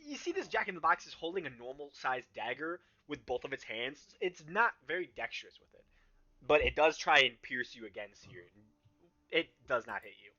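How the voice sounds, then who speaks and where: Halting man running a tabletop game. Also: a little high, big pitch swings, bright, forceful tone. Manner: halting, many ums and restarts. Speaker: game master. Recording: slightly dull, muffled sound.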